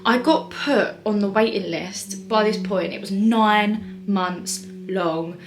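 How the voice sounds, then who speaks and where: A woman's voice: medium pitch, slow pace, soft background music. A young woman telling a personal story to camera in a rambling, chatty way, full of fillers and restarts. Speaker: vlogger. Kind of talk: casual storytime monologue.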